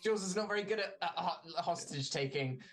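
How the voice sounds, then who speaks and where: A woman's voice: on the low side, brisk. A woman player chatting casually at a tabletop game, laughing easily.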